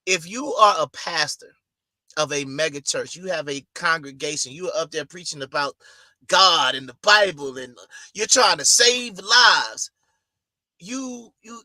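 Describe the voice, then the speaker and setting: A man's voice: sits high, expressive, a little slow, sharp tone, no echo. A man co-hosting a casual podcast, talking loosely in slang and riffing with his co-host.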